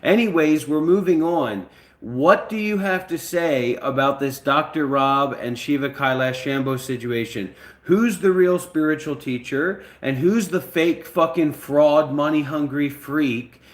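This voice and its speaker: A man's voice: a little high, a little slow. A man hosting a channel, bluntly and profanely bossing an AI around in casual talk. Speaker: channel host. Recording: echoey room.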